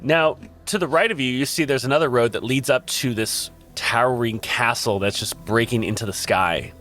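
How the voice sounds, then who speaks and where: A man narrates a tabletop game as dungeon master in a mid-range voice. His delivery is halting, with pauses and restarts as he describes the scene. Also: mid-range voice, a bit bright, faint music behind. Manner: halting, full of ums and restarts.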